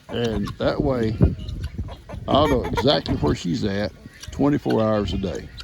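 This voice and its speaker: Older man, gravelly, lively pitch, chatty farm vlog, outdoors, noisy phone recording. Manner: chatty, talks sweetly to his animals. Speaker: farm vlogger. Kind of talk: casual farm vlog narration.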